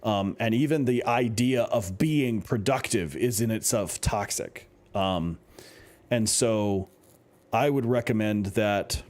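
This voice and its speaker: A man co-hosting a casual podcast, giving measured advice with many pauses and fillers. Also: lowish voice, a little mellow. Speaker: podcast co-host.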